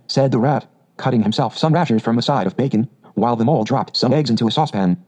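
A man reading a storybook aloud as narrator, in a measured, gentle storytelling manner. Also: mid-range voice, lo-fi sound.

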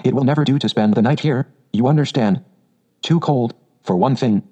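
Storybook water rat, male, calm and sensible, mellow low-toned voice, read by a man, slightly muffled recording. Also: normal speed, husky, lightly acted. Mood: practical.

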